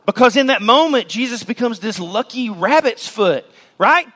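A man preaching a sermon as pastor, emphatic, shouting key words and mimicking people's voices, in a church sanctuary. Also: very high-pitched, lively intonation, normal speed, in a large hall.

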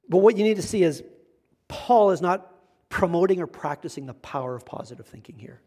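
A middle-aged male pastor giving a conversational, animated sermon, acting out the voices of the people he quotes. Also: sits high, brisk, slightly rough.

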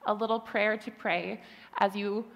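A woman giving a gentle, earnest sermon, telling a story with touches of light humor. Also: mid-range voice, fairly even intonation, measured pace, vocal fry, muffled recording. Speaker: preacher. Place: church hall. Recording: long hall reverb.

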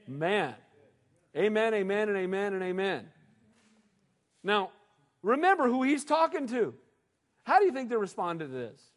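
A male pastor delivering an emphatic, animated sermon and often calling for amens. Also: high voice, measured pace, long pauses. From United States. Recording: reverberant hall.

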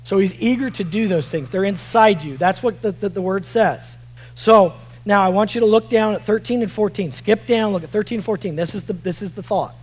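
In a roughly recorded sermon, a male pastor speaks fairly quickly, his voice climbing to shouts for emphasis and sinking low when he reads scripture. Repeated words and restarted phrases come up often.

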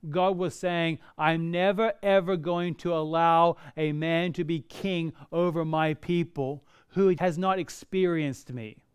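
A man's voice: high-pitched, smooth. A man preaching a sermon, earnest and building to emotional intensity. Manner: earnest, rising to emotional intensity on quoted prayers.

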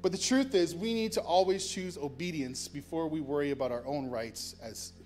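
A man's voice: a little high, normal speed, darkish tone, soft background music. A man preaching as a pastor, emphatic, with repeated phrases and restarts. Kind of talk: sermon. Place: church sanctuary.

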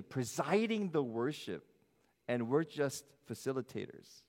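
A middle-aged man preaching a sermon as pastor, swinging from loud, high emphasis to soft, low asides. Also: unhurried. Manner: animated preaching, rising loud then dropping soft. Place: church sanctuary. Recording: long hall reverb.

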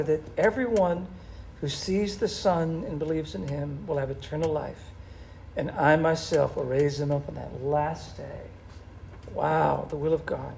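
A man preaching a sermon in an animated, conversational way, with a gravelly voice. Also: fairly high pitch, a little hiss or hum. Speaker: pastor.

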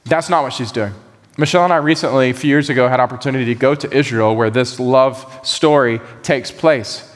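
A man preaching a sermon, animated and acting out the voices he quotes. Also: mid-range voice, a little fast, long reverb tail. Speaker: pastor.

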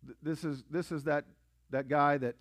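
Pastor guy preaching, kinda high voice, tells stories, repeats himself, lots of rhetorical questions. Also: fairly even intonation, moderate pace. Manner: storytelling, repetitive, rhetorical questions and call-and-response. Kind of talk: sermon.

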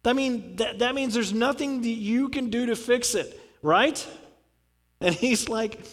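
A man preaching a sermon in a casual, animated storytelling way, acting out dialogue. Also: very high-pitched, a little slow. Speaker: pastor. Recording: long reverb from a large hall.

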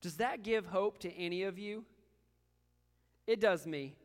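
An earnest male pastor delivers a sermon in a high, smooth and resonant voice. He often repeats words as he presses a point. His voice carries a long reverb, as in a church hall. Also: unhurried.

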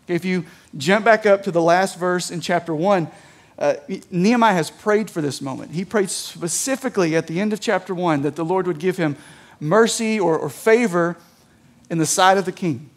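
High-voiced man preaching casually. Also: moderate pace. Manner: conversational preaching with frequent rhetorical "right?" checks; reads scripture aloud, then explains it casually. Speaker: pastor. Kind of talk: sermon.

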